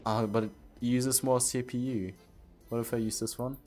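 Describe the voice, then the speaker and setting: A man's voice: medium pitch, fairly even intonation, moderate pace, darkish tone, faint music behind. A man streaming a game, chatting casually with viewers, stumbling over and repeating his words while asking them questions. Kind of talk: casual live-stream chat.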